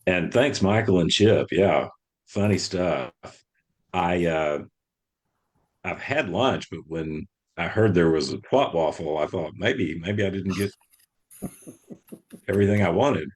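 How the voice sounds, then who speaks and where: A man's voice: low voice, measured pace, long pauses, slightly rough. An older man from Texas doing a dry, easygoing stand-up set with hesitant fillers. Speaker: stand-up comedian.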